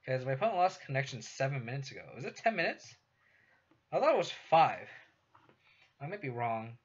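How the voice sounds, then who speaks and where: A young West Coast American man talks casually while streaming a card game, very animated and fairly quick, with a breathy edge to his mid-range voice. He's laid-back yet swears constantly and laughs often. The recording is dull, lo-fi stream audio.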